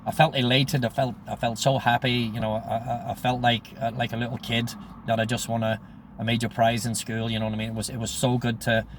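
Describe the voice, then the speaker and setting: A man's voice: mid-range voice, flat delivery, fairly quick, a little hiss or hum. A man tells a story from his life in a rambling, profane way, often adding "you know what I mean". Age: 60s. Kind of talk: casual spoken memoir.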